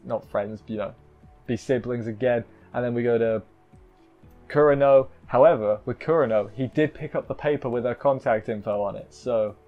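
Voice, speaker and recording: A man's voice: mid-range voice, darkish tone, muffled recording. A man casually reviewing an anime episode, rambling with restarts and briefly acting out characters' lines. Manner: chatty, rambling with many restarts and fillers; acts out characters' lines in quick asides.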